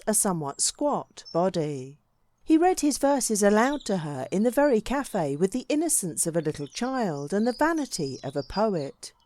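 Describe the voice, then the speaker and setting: A woman reading a classic book aloud as an audiobook narrator, measured and expressive, with varied emphasis. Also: mid-range voice. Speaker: audiobook reader.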